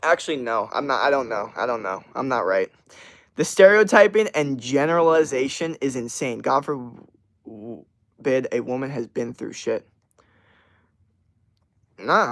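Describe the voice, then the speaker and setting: A man's voice: medium pitch, a bit bright. A male livestream host on a loose, profane rant, blunt and combative. His delivery is casual and heated, full of filler words and curses.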